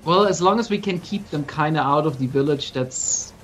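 A man playing a tabletop game, chatting casually with quick exclamations. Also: a little high, a bit bright, faint music behind, rough recording. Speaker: player.

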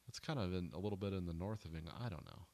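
A man's voice: sits low, racing, warm tone. A man co-hosting a casual film podcast, talking in a rambling, hesitant way that often trails off. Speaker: podcast co-host.

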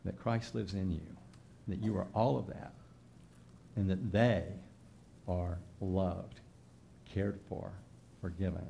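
Gravelly emphatic male preacher. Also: low-pitched, takes it slowly, long pauses, a little hiss or hum. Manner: emphatic preaching that rises loud then drops soft. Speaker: pastor. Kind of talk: sermon.

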